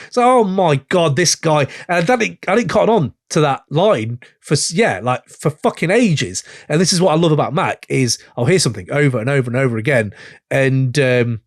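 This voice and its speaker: A man's voice: mid-range voice, lively intonation, a little fast, no room sound, clean studio sound. A man hosting a podcast, chatting with enthusiasm about albums, swearing often and rambling into asides. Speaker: podcast host. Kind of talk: casual chat about albums.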